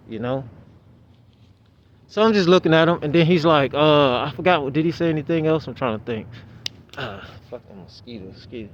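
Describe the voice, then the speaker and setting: A man's voice: a little high, a little fast, slight background noise. A man telling a story in a casual, rambling vlog monologue, with many restarts. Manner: rambling, restarts, animated retelling. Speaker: vlogger. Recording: dull lo-fi outdoor recording.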